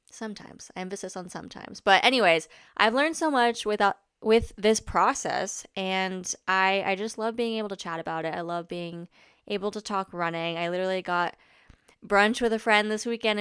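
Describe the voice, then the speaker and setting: A woman's voice: medium pitch, fairly bright tone, clear, resonant tone, dry recording, clean studio sound. A young woman hosting her own podcast, chatting in a bubbly, rambling way with restarts and small laughs. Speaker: podcast host. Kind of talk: casual solo podcast chat. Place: Orlando, Florida home.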